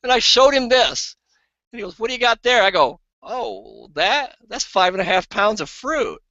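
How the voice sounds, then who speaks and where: A man with a bright, forceful, slightly high voice tells everyday stories to push a product. He acts out the people he quotes with excitable jumps in pitch. The sound is dry and dull, like a lo-fi video call. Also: measured pace, dry recording. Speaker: co-host of an online sales hangout. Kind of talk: casual storytelling and sales pitch.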